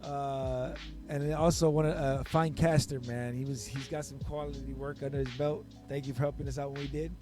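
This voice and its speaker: A man's voice: mid-range voice, a little fast, hardly any pauses, over music. A man co-hosting a casual podcast chat, telling stories and acting out quotes with lots of energy. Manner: animated storytelling, acts out quotes. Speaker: podcast producer and co-host.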